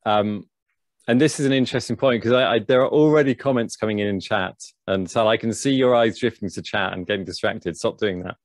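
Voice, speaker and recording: A man's voice: lowish voice, fairly quick, dry recording, clean studio sound. A man hosting a livestream interview, hesitant and restarting his sentences often. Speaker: host.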